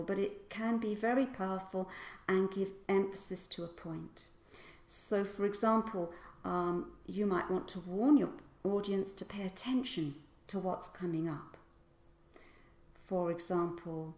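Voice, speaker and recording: A woman's voice: mid-range voice, unhurried, a little mellow. Woman giving a speaking lesson, takes her time, plays up the example lines, roomy echo. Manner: playful, acts out example lines with exaggerated stress. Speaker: voice and speaking coach. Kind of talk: casual spoken lesson.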